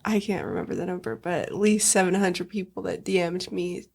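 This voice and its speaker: A woman's voice: on the low side, expressive, fairly quick, gravelly, a little mellow, husky. Young woman chatting openly, laughing easily. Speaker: podcast guest. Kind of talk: casual podcast chat.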